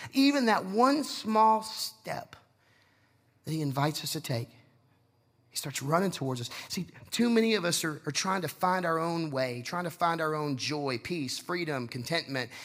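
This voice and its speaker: Male pastor, high bright voice, passionate sermon delivery. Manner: passionate preaching, acting out the story's voices.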